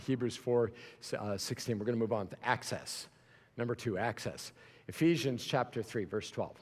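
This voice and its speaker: A man preaching a sermon as pastor, plain-spoken, with restarts, moving between near-shouting and quiet low passages. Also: normal speed, in a large hall.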